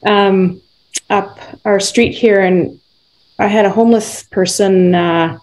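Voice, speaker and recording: A woman's voice: medium pitch, slow pace, poor audio. A woman with a Canadian accent, a senior karate instructor, telling a story as a guest in a casual podcast conversation. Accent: Canadian English. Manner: lively storytelling.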